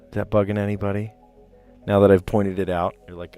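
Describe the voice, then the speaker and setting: A man's voice: lowish voice, flat delivery, fairly quick, warm tone, clear, resonant tone, soft background music. A man casually chatting on a live stream, reading puzzle clues aloud and rambling to his viewers. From New Jersey.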